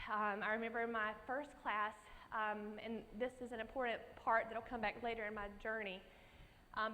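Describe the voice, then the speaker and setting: A young woman telling a personal story as a conference speaker, animated and folksy, with frequent ums. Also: on the high side, a little hiss or hum. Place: conference hall. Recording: echoey hall with faint ambience.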